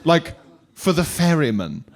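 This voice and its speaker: A man's voice: on the high side, sing-song, a little slow, heavy background noise. A man, a comedian co-hosting a live podcast, teasing his co-host in dry, wry banter. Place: small comedy venue with live audience. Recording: live audience clearly heard.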